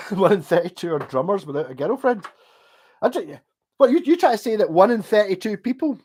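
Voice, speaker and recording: A man's voice: sits high, sing-song, brisk, a little mellow, breathy edge. Rambling Scottish man on a livestream. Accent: Glaswegian Scottish, softened. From Scotland. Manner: rambling, restarts often, swears freely, laughs between thoughts. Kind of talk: casual livestream chat, answering viewer comments.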